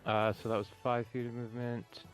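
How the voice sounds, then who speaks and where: A man's voice: medium pitch, level tone, fairly quick, soft background music. A man playing a tabletop game, casual, declaring his character's moves. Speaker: player.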